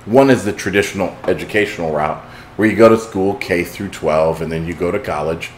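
A man hosting a motivational talk, telling a dramatic story that swings from hushed intensity to shouting. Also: low-pitched, fairly quick, slight background noise. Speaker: host.

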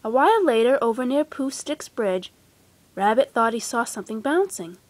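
A woman gently and expressively reading a children's storybook aloud. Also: on the high side, expressive, moderate pace, no echo. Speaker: storybook reader.

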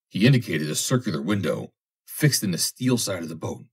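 Male audiobook reader, low husky voice, expressive pitch. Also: fairly quick. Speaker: audiobook narrator. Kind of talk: audiobook reading.

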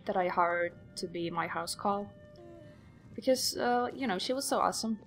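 A woman's voice: mid-range voice, moderate pace, faint music behind. Chatty young woman doing gameplay commentary. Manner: chatty, rambling, acts out quoted voices. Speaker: let's play host.

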